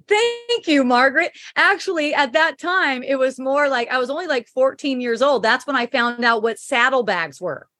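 A woman's voice: sits high, moderate pace, bright, forceful tone, no room sound, studio quality. A middle-aged woman hosting a casual spiritual chat, reading viewer comments aloud, laughing often and swearing freely.

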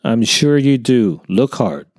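A man's voice: medium pitch, very animated, takes it slowly, darkish tone, no room sound, studio quality. A man voicing a genial Southern neighbor, a retired counselor, with a folksy drawl in a storybook reading.

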